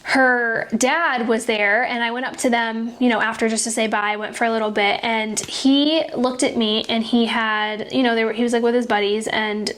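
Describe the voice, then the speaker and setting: A woman's voice: on the high side, steady tone, moderate pace, few pauses, fairly bright tone. A young woman hosting a podcast, talking earnestly and emotionally about faith and kindness, often restarting her sentences. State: tearful at times. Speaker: podcast host. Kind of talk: personal faith-based podcast talk.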